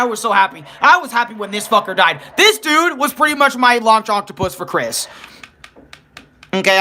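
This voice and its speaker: Here a young gaming streamer talks in a high, pushed, bright voice. His commentary on the game wanders, full of profanity and on-the-fly self-corrections.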